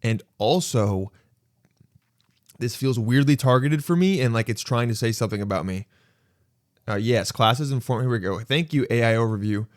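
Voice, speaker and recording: Young guy rambling on his own podcast, mid-pitched voice, dry close mic, keeps acting out convos and roasting himself. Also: normal speed, dry recording. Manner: rambling, self-mocking, acts out imagined dialogue. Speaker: podcast host. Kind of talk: solo podcast monologue.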